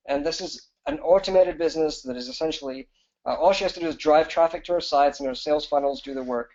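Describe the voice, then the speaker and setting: A man with a fairly high voice hosts a live webinar as a business coach. He pitches in a fast, eager rush, full of fillers and restarts. The audio is dull and lo-fi. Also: darkish tone.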